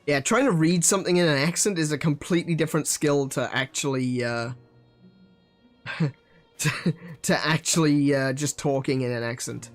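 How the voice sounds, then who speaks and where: Man, game streamer, casual chatty commentary, slightly high voice, faint game music. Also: moderate pace, pauses often. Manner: chatty, laughs at himself, many restarts. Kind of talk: casual let's-play commentary.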